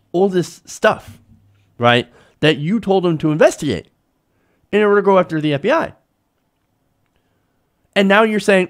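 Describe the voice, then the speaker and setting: A man hosting a live political commentary show, talking in an animated, sarcastic and indignant way. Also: on the high side. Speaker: host.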